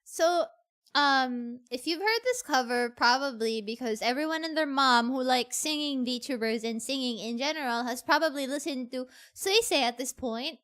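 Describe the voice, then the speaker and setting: A woman VTuber streamer chatting casually on a livestream, excitable and gushing, often repeating herself. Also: sits high, moderate pace.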